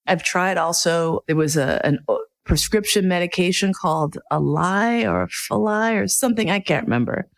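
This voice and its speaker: A middle-aged woman telling a personal story in a casual, profane, comic way, jumping into loud quoted inner outbursts. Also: fairly low pitch, moderate pace, gravelly.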